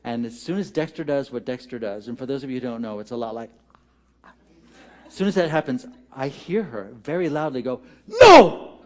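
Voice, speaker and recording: A man's voice: medium pitch, expressive, a little fast, darkish tone. A man giving a storytelling sermon, conversational and humorous, who talks directly to his congregation. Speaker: minister. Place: church sanctuary.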